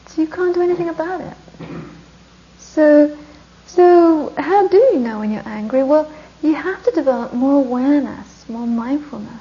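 A woman's voice: high voice, normal speed, mellow, lo-fi sound. A woman teaching Buddhist meditation in an informal dharma talk, chatting conversationally, laughing often and asking rhetorical questions.

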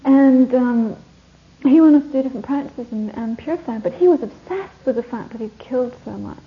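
A woman's voice: high-pitched, fairly quick. A woman teaching a Buddhist course, giving a rambling, anecdotal dharma talk to a retreat group and laughing often. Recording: dull lo-fi recording, faint hiss.

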